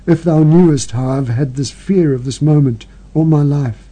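A dying woman pleads with her elder sister in a halting, desperate confession, as a male reader voices her. The voice sits a little above the reader's usual pitch, with a dark, mellow tone. The lines come from a storybook read aloud. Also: close to an everyday voice. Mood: confessing.

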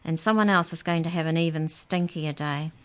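A woman's voice: low voice, a little fast, clear, resonant tone, natural voice. A woman reading aloud and voicing an earnest, anxious schoolboy who pleads and sulks. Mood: sulky. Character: anxious schoolboy wishing to be special.

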